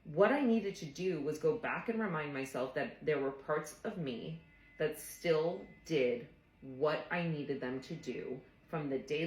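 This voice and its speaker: Low-voiced woman telling a personal story. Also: roomy sound, poor audio. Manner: earnest, reflective, frequent "like" fillers. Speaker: therapist. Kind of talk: casual personal storytelling to camera.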